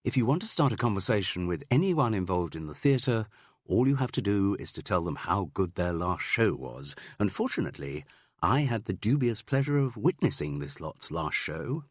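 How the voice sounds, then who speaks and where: A man voicing a shrewd middle-aged woman amateur sleuth who talks in a brisk, coaxing way with small stammers. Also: fairly low pitch, sing-song, slightly rough, no room sound, studio quality.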